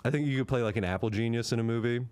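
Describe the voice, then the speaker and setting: A man's voice: mid-range voice, rapid-fire, a little mellow, clean tone. A young man co-hosting a comedy podcast, chatting loosely, joking and swearing as he acts out scenes. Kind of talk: casual chat.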